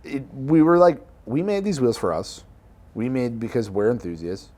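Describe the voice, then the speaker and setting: A young man co-hosting a podcast in casual chat, easygoing and quick to laugh, with lots of fillers. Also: medium pitch, big pitch swings, dark tone. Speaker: co-founder and podcast co-host.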